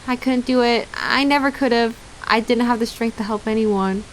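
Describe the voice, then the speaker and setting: A woman's voice: a little high, steady tone, normal speed, a little hiss or hum. A young woman streamer reading visual novel narration aloud, breaking off into giggly casual asides to chat.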